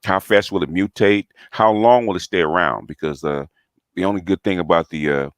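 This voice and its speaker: A man with a very deep voice hosts a casual discussion. He speaks in a measured way and keeps to short replies while others talk. The sound is dry and close. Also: no echo. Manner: measured, listens with short backchannels. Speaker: host. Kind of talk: casual conversation.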